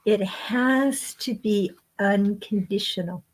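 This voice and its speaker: A woman guest author giving a spiritual teaching talk in slow, measured phrases with frequent pauses. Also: mid-range voice.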